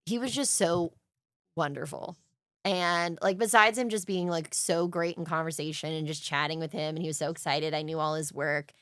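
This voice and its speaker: Young woman, podcast co-host, gushing storyteller, lowish voice, dry close sound. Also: moderate pace, a bit bright, no room sound. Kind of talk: casual chat.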